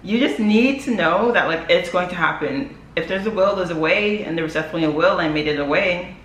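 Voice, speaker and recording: A woman's voice: lowish voice, fairly quick. A young woman talking to camera in a casual vlog, chatty and emotional, full of "like" fillers. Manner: chatty and emotional, frequent "like" fillers, laughs often. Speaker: vlogger. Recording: echoey room with faint ambient noise.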